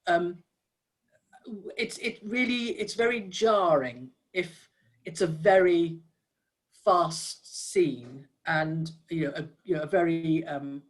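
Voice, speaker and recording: A trainer of audio describers talks through their feedback in a steady, measured way, pausing on fillers and restarting sentences as thoughts form. The voice sits at a middling pitch and comes through a video call. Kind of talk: giving feedback in a workshop.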